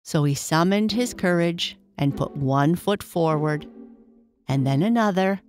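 A woman narrates a children's bedtime story in a slow, soothing way. Her voice sits low. Soft music plays faintly behind.

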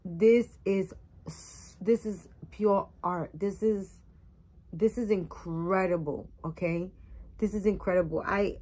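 A woman's voice: fairly low pitch, dark tone, slightly rough. A woman doll collector vlogging casually as she unboxes a new doll, rambling and emotional as she gushes over it.

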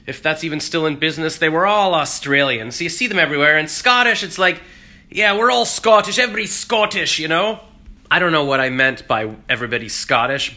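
Bright rambling man vlogging. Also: fairly high pitch. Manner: rambling, jokey, self-deprecating. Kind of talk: casual vlog chat.

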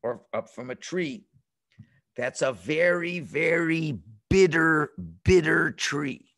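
A man's voice: on the high side, takes it slowly, a bit bright. A man voicing a divine figure giving emphatic instructions. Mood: commanding.

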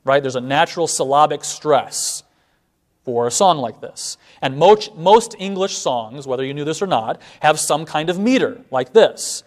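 A man giving a seminary classroom lecture, explaining step by step and slowing down to recite lines of verse. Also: on the high side, expressive.

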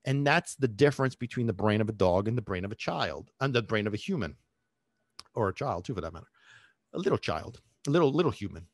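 A man hosting a podcast as a dog trainer, talking in an animated way, acting out little voices and asking listeners questions. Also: lowish voice, quick pace, slightly rough, no echo, clean studio sound. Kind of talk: podcast monologue.

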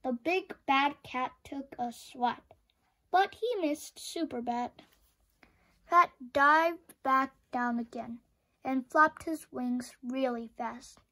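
Storyteller: woman, high voice, slow expressive read-aloud for kids. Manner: expressive, with sound effects. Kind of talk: children's book read-aloud.

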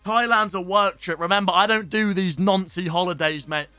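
Young male streamer, high bright voice, excitable sweary banter. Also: normal speed, no room sound, faint music behind. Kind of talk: casual live-stream pack-opening commentary. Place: home streaming setup.

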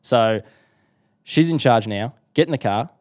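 A man's voice: mid-range voice, measured pace. A young Australian man telling a personal story in a casual interview, acting out what people said. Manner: animated storyteller acting out quotes. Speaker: guest.

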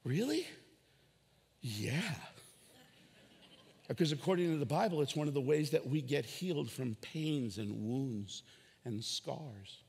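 A man preaching a sermon as pastor, animated, with shouted peaks and acted-out dialogue. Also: medium pitch, a little slow, pauses often, slightly rough, long reverb tail. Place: church hall.

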